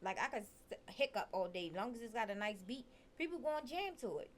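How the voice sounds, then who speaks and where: Relaxed woman guest. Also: a little high, quick pace, a little hiss or hum. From Baltimore. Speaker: guest musician. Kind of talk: casual interview chat.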